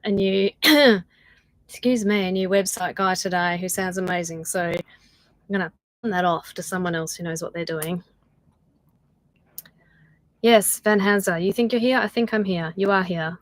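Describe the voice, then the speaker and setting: A tired woman with an Australian accent, chatting casually with viewers on a livestream, laughing often and trailing off into soft asides. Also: on the low side, fairly even intonation, moderate pace, long pauses, no room sound, poor audio. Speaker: channel host doing a livestream. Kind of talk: casual live chat with viewers.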